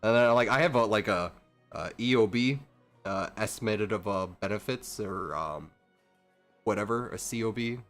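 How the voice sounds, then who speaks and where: Guy streamer kinda low voice, swears a ton, restarts sentences, faint game music behind. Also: normal speed, fairly bright tone. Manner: profane, rambling, many restarts. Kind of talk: casual rambling chat while gaming.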